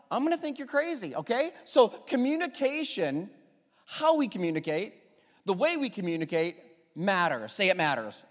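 A man preaching a sermon as a pastor, telling stories in a lively way and having the congregation repeat phrases after him. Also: high voice, moderate pace. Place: church sanctuary. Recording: long reverb of a church hall.

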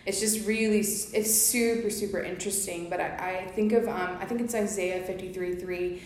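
A woman's voice: mid-range voice, steady tone, normal speed, darkish tone, a little hiss or hum. A woman co-hosting a faith podcast, explaining scripture in an earnest, casual way with many fillers. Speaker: podcast co-host. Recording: very echoey room with faint ambience.

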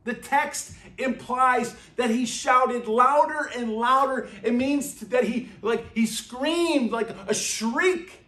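A male pastor preaching a sermon, emphatic and repeating his phrases, at times dropping to a quiet, intense tone. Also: very high-pitched, slow, hardly any pauses. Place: church sanctuary. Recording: echoey church room.

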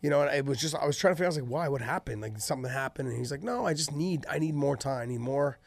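A man tells fight stories in a loose, profane podcast chat. His voice sits a little high and he gets animated. The sound is dry and close, with no room around it. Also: racing, vocal fry, no echo. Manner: animated storytelling, swears freely. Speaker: podcast co-host and former fighter. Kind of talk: casual chat.

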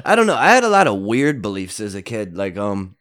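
A man's voice: fairly low pitch, sing-song, brisk, fairly bright tone. A man appearing as a podcast guest, chatting in a giggly, self-mocking way. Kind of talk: casual podcast banter.

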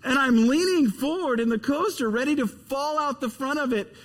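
A man preaching a sermon, telling a story with animated, emphatic repetition before leading a prayer. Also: extremely high pitch, moderate pace, in a large hall. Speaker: pastor.

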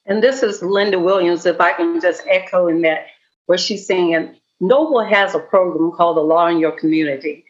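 A woman's voice: fairly low pitch, normal speed. Woman law enforcement teacher chatting on a panel, kinda muffled audio. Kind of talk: panel discussion.

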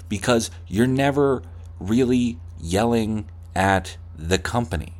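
A man's voice: on the low side, expressive, takes it slowly. A man hosting a podcast, ranting with heavy swearing and slipping into mocking voices of corporate staff. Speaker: podcast host. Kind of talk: profane comedic rant.

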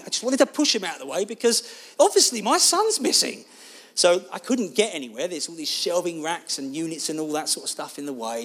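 A man preaching a sermon, telling a personal story in an animated, expressive way. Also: on the high side.

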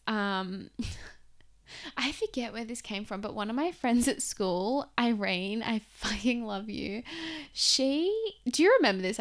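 A young woman hosting a podcast, telling a personal story in a chatty, expressive way with many fillers. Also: mid-range voice. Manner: chatty and expressive, heavy use of "like". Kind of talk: casual storytelling monologue.

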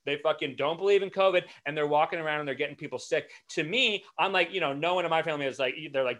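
Bright, heated male podcast co-host. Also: on the high side, fast talker, few pauses. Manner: heated, profane, stumbling restarts. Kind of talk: casual chat.

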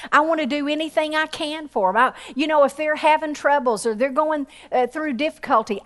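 A woman preaching a sermon with passion, acting out quoted voices and rising to high exclamations. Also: a bit bright. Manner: acts out quoted voices in her storytelling.

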